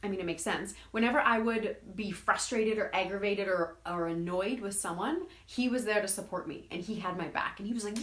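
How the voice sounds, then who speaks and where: A woman hosts a live self-help stream in an animated, coaching voice. Her pitch sits mid-range and the room around her rings with echo. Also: brisk, hardly any pauses. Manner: animated, acts out quoted friends. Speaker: host.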